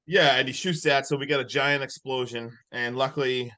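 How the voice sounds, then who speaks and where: Animated man recapping a movie. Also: medium pitch, moderate pace. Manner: animated storytelling, laughing often. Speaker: podcast co-host.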